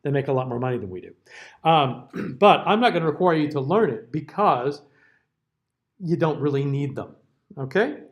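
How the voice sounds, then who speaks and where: Man, higher voice, diction teacher, classroom lecture, sings example words. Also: animated, moderate pace, pauses often, muffled recording. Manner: explanatory, checks in often with okay.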